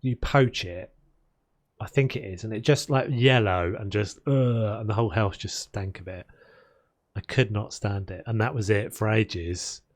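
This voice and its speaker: A man's voice: lowish voice, measured pace. A man streaming a video game, chatting casually and rambling between topics as he builds. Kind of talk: casual chat while playing.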